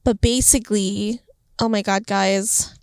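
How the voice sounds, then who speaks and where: A young woman hosting a casual faith podcast, talking in an excitable, chatty way with lots of fillers and laughter. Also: mid-range voice, unhurried, dry recording. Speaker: podcast host. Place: outdoors on a hill near the beach. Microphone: camera.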